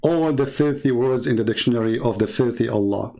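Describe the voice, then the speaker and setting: A man's voice: fairly quick, gravelly, mellow, poor audio. Taunting man with an Arabic accent. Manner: mocking, taunting, with sudden high-pitched outbursts. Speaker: livestream host reading viewer comments. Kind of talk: combative live commentary.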